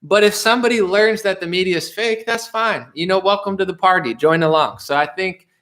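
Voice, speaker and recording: A man's voice: high voice, brisk, a bit bright. A young man chatting loosely with his audience, rambling and laughing, full of "bro" and "dude". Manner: rambling, laughs often, restarts, mimics voices. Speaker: streamer answering chat. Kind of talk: casual livestream chat.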